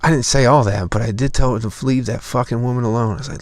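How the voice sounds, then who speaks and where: A man's voice: mid-range voice, fast talker, gravelly, hardly any pauses, no echo. A young man telling a profane, exasperated story as a podcast host in a casual comedic rant.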